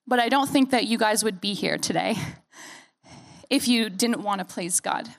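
A young American woman pastor preaching a sermon in an earnest, animated way with playful asides; her accent has softened after years in Australia. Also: medium pitch, moderate pace, gravelly. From United States.

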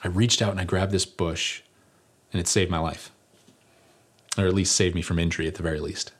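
A male pastor with a low, husky voice delivers a conversational sermon. He is earnest and builds to emphatic peaks, easing the mood with light humor along the way. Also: level tone, brisk.

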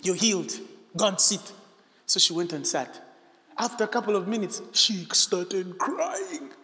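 A man preaching a charismatic sermon, emphatic and animated, breaking into shouts and asking the congregation questions. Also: high-pitched, normal speed. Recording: echoey hall.

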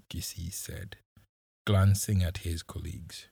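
Slow husky male storyteller. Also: low voice, no echo, clean studio sound. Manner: measured dramatic storytelling. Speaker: narrator. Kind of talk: audiobook narration.

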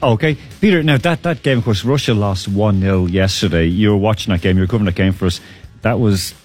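A quick-talking man leads a loose sports chat, cracking jokes and moving the others along. His voice is a little husky, and he fires his lines off fast. Soft music plays faintly under the talk. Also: lowish voice. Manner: quick, jokey, steers the talk. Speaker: sports show host.

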